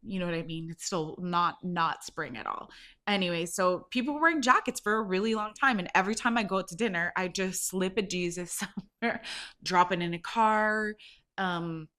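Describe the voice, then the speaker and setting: A woman's voice: fairly low pitch, normal speed, pushed and bright. A woman hosting her own podcast, telling a rambling prank story in a casual way, laughing and swearing as she goes. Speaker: podcast host.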